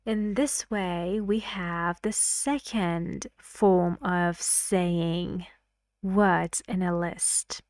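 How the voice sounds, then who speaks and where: A woman teaching an English pronunciation lesson, speaking slowly and clearly and reading example sentences aloud. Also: on the low side, darkish tone, dry recording, clean studio sound.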